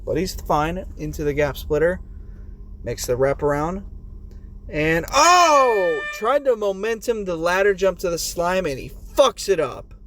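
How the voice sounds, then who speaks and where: A man giving casual play-by-play commentary on a game competition, excitable and swearing, yelling when players fall. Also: high voice, normal speed, slight background noise.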